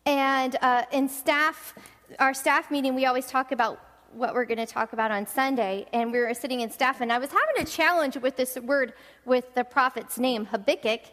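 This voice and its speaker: A woman pastor preaches with a high, bright voice, slipping into lively storytelling and laughter. Her words ring out with a long reverb from a church hall. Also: moderate pace. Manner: animated, laughing often, acts out voices in stories. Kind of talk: sermon with personal storytelling.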